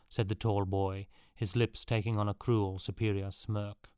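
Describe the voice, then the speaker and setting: A man's voice: fairly low pitch, flat delivery, moderate pace, few pauses, darkish tone, clean tone, no room sound. Man reading a story aloud, dry sound. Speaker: narrator. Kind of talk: storybook reading, doing voices.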